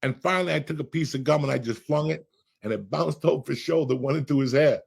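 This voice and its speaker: A middle-aged man hosting a podcast, a loud, profane storyteller with a gravelly, husky voice. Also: on the high side, fast talker. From Cuba. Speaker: podcast host.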